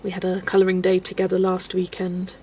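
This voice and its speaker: A woman's voice: lowish voice, completely flat delivery, fairly quick, a little mellow, a little hiss or hum. A young English woman hosting a colouring livestream, chatting casually and telling stories with frequent giggles. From England. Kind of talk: casual chat while colouring, reading chat.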